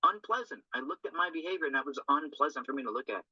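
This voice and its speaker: Earnest man with a bright, lo-fi voice. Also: a little high, fast talker, husky, dry recording. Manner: earnest, rambling, tag questions. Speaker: recovery group speaker. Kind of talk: informal talk on a recovery text. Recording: dull lo-fi dry recording.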